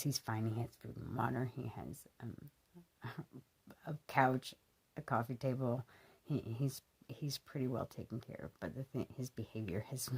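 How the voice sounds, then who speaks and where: A woman in her thirties speaks straight to the camera in a loose, rambling monologue. Her voice is gravelly with a husky edge, and she keeps filling pauses with ums as she earnestly works through her thoughts. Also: rumbling low, a little mellow. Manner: earnest, rambling with many fillers. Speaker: vlogger.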